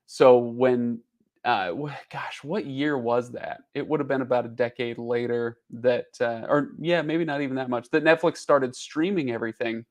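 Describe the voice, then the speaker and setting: A man's voice: mid-range voice, fairly even intonation, normal speed. Man talking casually to camera. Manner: rambling with many fillers and restarts. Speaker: channel host. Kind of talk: casual chat. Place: on the road.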